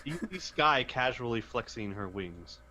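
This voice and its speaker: A man's voice: medium pitch, animated, a little slow, bright, forceful tone. A man running a tabletop game as game master, narrating in a hesitant way with many fillers. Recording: dull lo-fi voice chat.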